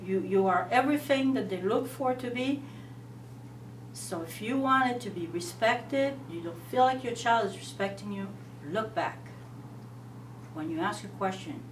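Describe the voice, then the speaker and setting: A woman leading a parenting class, animated and asking the group rhetorical questions. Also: medium pitch. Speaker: parenting instructor. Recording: roomy, distant mic, faint hum.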